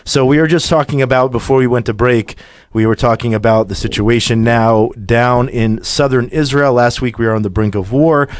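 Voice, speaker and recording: A man's voice: mid-range voice, steady tone, moderate pace, a little hiss or hum. A man hosting a radio podcast in a studio, talking conversationally with frequent restarts. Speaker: podcast host. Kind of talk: radio talk show hosting.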